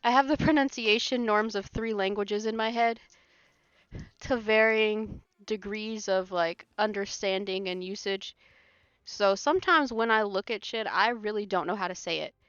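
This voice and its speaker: A woman's voice: medium pitch, normal speed, fairly bright tone, smooth, no echo. A woman streaming a game, chatting casually, rambling with lots of fillers and laughing often. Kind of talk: casual chat while playing a game live. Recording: dry, slightly muffled with faint music.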